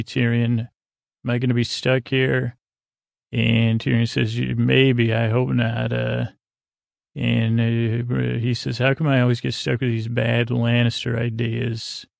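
Gravelly offhand man recapping a show. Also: medium pitch, no echo. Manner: rambling, loose and offhand, many fillers. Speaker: podcast host recapping a TV episode. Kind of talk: casual scene-by-scene recap narration.

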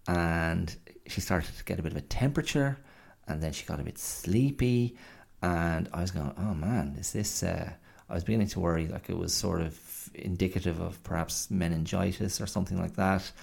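A man's voice: deep voice, normal speed, creaky, darkish tone. A middle-aged man hosting a podcast, telling a rambling, self-deprecating story with lots of fillers. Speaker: podcast host. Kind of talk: casual monologue.

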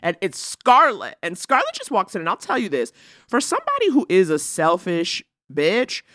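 A woman co-hosting a casual chat, retelling a movie with animated emphasis. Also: medium pitch, moderate pace, dry recording, studio quality. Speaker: podcast co-host.

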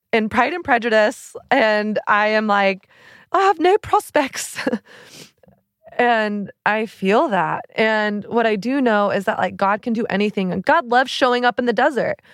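A relationship coach and podcast host in her thirties talks earnestly and openly about personal matters, her speech full of "like" fillers. She has a fairly high pitch and a normal pace, captured at studio quality without echo.

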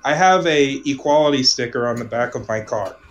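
A man from Omaha telling a personal story in casual conversation, rambling, restarting sentences and trailing off softly. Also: mid-range voice, brisk, low-quality recording.

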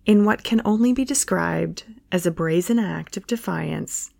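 A woman reading a playful romance short story in a soft, scripted narration. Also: on the low side, unhurried, gravelly, dry recording, studio quality.

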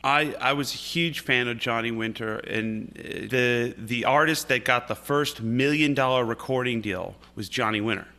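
Bright-voiced man telling stories. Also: mid-range voice, normal speed, hardly any pauses. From upstate New York. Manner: anecdotal, with many restarts. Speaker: guest musician. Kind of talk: casual interview chat.

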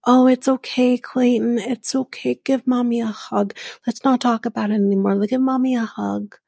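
A woman's voice: on the high side, fairly even intonation, normal speed, vocal fry, mellow, breathy edge, no room sound, studio quality. A woman imitating a coddling, dismissive mother who soothes her grown son and brushes off any problem. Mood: smothering. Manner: soothing, smothering, brushing things off.

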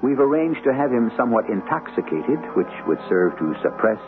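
A man's voice: mid-range voice, big pitch swings, brisk. A male host musing on the story's mystery in a conversational way between acts. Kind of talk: reflective program commentary. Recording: tinny old radio broadcast over music.

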